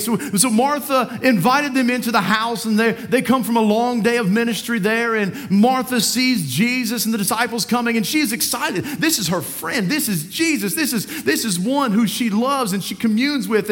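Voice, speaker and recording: A man's voice: very high-pitched, fairly bright tone. A man preaching a sermon in church, talking conversationally, often repeating words and checking in with "right?".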